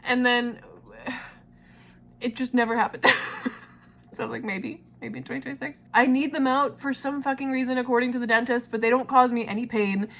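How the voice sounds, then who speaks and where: Young woman vlogger, somewhat high voice, warm casual chat that keeps breaking into laughs and tears. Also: fairly even intonation, moderate pace. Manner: emotional, laughs and cries easily, swears casually. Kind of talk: casual vlog, talking to her past self.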